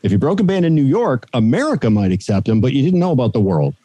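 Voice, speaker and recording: A man with a dark, mellow voice recalls his radio days in a relaxed, storytelling way. The sound is dry and close, with no room around it. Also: medium pitch, quick pace, no echo. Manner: storytelling, animated anecdotes. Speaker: radio broadcaster guest. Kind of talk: casual interview chat.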